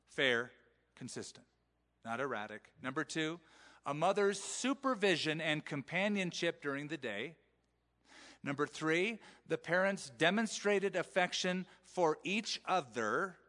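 A male pastor with a bright, forceful voice preaches in a conversational way, slipping into the voices of parents as he talks. His voice is pitched a little high for a man. The sound carries a long reverb from a church hall. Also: animated, measured pace. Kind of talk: sermon. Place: church sanctuary.

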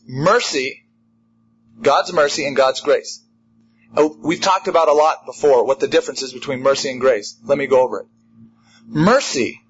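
A man preaching a sermon in an emphatic, animated way, driving home a repeated refrain. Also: fairly high pitch, lo-fi sound, a little hiss or hum. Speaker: pastor.

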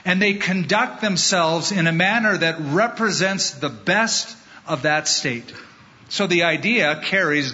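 A middle-aged American man preaches with a bright, forceful voice that sits a little high for a man. He delivers a measured, emphatic sermon and weaves in personal anecdotes. The recording sounds a bit dull and muffled. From California, United States. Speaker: pastor.

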